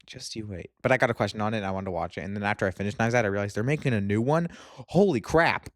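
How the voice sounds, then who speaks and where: A young man reviewing movies in a casual vlog, excitable and gushing, with lots of fillers. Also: fairly low pitch, very fast, no room sound, clean studio sound. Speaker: movie vlogger.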